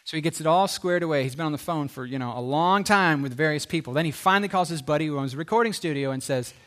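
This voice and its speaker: A man preaching by retelling a story. His voice sits a little high for a man. He swings between lively retelling and soft, earnest asides. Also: fast. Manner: animated storyteller, dropping to hushed earnest tones. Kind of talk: sermon storytelling.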